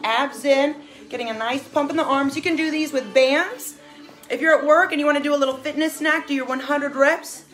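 A middle-aged woman coaching a live workout, cheering with enthusiastic whoops and motivating her viewers. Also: high voice. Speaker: fitness coach.

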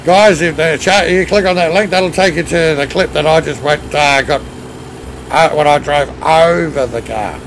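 Gravelly Australian man streaming a game. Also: fairly high pitch, moderate pace, a little hiss or hum, poor audio. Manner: chatty, reads and answers chat while driving. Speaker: streamer leading a truck convoy. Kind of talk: casual live-stream chat.

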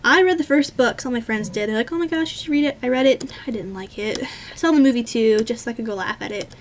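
A woman's voice: a little high, quick pace, a little hiss or hum. A woman of twenty answering viewer questions in a casual, rambling chat, full of ums and self-corrections, easygoing and self-deprecating. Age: 20s.

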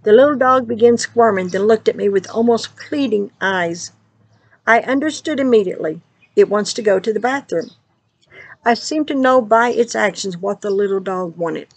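A woman's voice: medium pitch, moderate pace, slightly rough, poor audio. A woman praying fervently and then recounting a dream. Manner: fervent spoken prayer. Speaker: dream teller.

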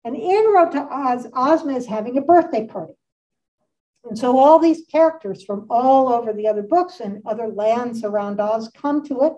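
A woman's voice: a little high, moderate pace, dark tone. Chatty older woman lecturing from afar. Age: 60s. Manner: chatty and enthusiastic, with frequent asides. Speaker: art history lecturer. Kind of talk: casual illustrated lecture. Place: community center meeting room. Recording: distant, dull room recording.

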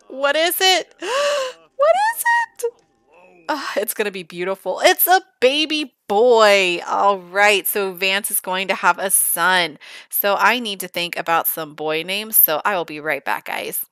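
A woman's voice: medium pitch, measured pace, clear, resonant tone, no echo. A woman giving casual, gushing commentary while playing a life-sim game. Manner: chatty, gushing and excitable. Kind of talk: casual let's-play commentary.

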